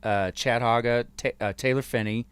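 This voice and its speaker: A man with a Texan accent hosting a casual podcast, relaxed as he reads out listener messages and moves the talk along. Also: medium pitch, normal speed, clean tone. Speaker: podcast host reading listener mail.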